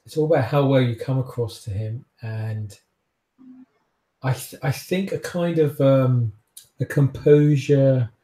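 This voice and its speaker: A man's voice: mid-range voice, mellow, echoey room. A rambling man narrating as game master. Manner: rambling, halting, full of restarts.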